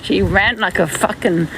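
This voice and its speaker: A woman with a high voice that swings widely and words that come out slow and drawn. She sounds heated, mocking and quick to swear. She is recorded on a phone on a city street, with loud street noise behind her. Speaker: live streamer. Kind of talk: confrontational street live stream.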